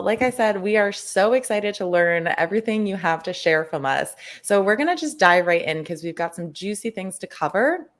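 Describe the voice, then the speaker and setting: A woman podcast host reading a guest introduction and asking questions with upbeat enthusiasm. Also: on the low side.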